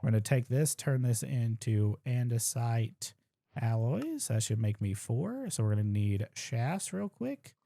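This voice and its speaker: A young man at his computer at home, chatting through a game speedrun in a relaxed, thinking-aloud way. His voice sits at an ordinary middle pitch, and he drops dry little jokes at his own expense as he goes. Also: a little slow, vocal fry, no echo. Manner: casual, thinks aloud while playing, self-deprecating asides. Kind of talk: live gameplay commentary.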